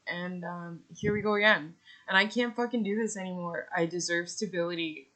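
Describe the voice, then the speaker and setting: A woman's voice: on the low side, moderate pace, a bit bright. A woman in her thirties with older children, ranting angrily to camera about losing her home, swearing often and venting in bursts. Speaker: vlogger. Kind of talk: angry personal rant to camera.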